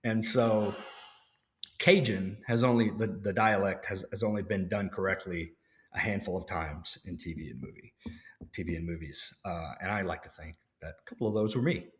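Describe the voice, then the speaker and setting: A man's voice: deep voice, moderate pace. A man from Louisiana, an actor guest, chatting casually in an interview and telling stories with lots of fillers and restarts. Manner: relaxed storyteller, many fillers and restarts.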